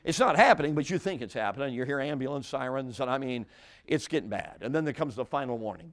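An older male preacher delivers a sermon with a humorous personal story, his voice swinging up and down with lively expression. He talks straight to the congregation, tossing them questions and starting his sentences over as he goes. His pitch sits in the middle of the male range. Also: quick pace. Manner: animated, audience-engaging, frequent restarts and asides. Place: church before a congregation.

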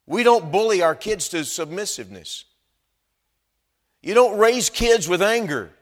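A man preaching a sermon, swinging between quiet asides and loud, shouted emphasis. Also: sits high, expressive, unhurried, long reverb tail.

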